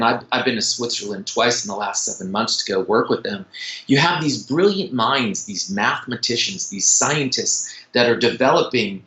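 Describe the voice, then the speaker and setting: An animated man talking as a guest dentist in a podcast interview, his pitch swinging widely and his voice bright and forceful. He tells stories quickly and often restarts sentences. The sound is roomy and echoey. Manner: animated, fast-talking storyteller with frequent restarts. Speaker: dentist and implant educator.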